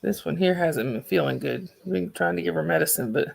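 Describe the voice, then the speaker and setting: A Southern-accented livestream host talks fairly quickly in a deep voice marked by vocal fry and a breathy edge. She rambles and chats casually with viewers, restarting her sentences.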